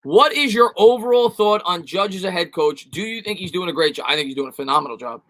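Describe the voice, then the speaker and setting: A man's voice: sits high, expressive, quick pace, sharp tone. A man answering viewers' chat questions on a casual live stream, rambling and repeating himself as he gives emphatic opinions.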